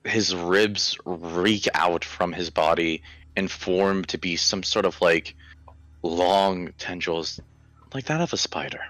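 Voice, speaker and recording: A man narrating a horror tabletop game as game master, with slow, deliberate, vivid description. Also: sits low, a bit bright, no echo.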